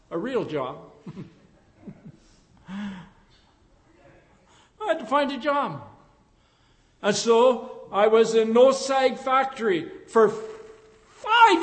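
Older guy preaching real slow, kinda high voice, long echo like a big church. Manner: slow, reflective preaching with emphatic rises and hushed drops. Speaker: pastor. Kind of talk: sermon.

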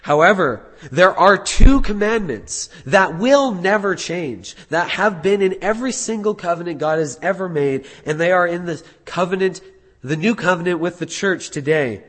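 A man preaching a sermon as pastor, earnest, building to emphatic peaks and dropping low again. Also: lively intonation, normal speed, a bit bright. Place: church sanctuary. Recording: husky voice in long hall reverb.

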